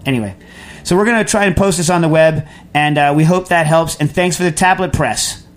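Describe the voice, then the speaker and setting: A man's voice: a little high, brisk. A man hosting a cooking radio show, talking casually and rambling through technical explanations with many restarts. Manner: rambling, self-correcting, digressive. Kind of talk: casual unscripted radio talk.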